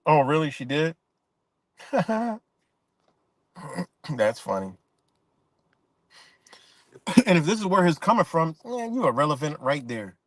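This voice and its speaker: A man rants live in loose, cursing, repetitive bursts, his voice sitting a little high for a man. The sound is close and dry, with no room echo. He breaks off now and then to answer viewers in the chat. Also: very animated, slow, pauses often. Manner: profane, repetitive, rambling rant; reacts to live chat comments. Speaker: live streamer. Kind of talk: casual ranting commentary.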